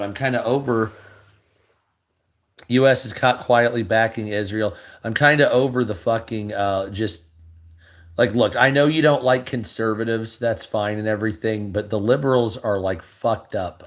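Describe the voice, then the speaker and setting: A man's voice: on the low side, normal speed. A tired man giving blunt, heavily profane reaction commentary while reading news headlines aloud. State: tired, low energy.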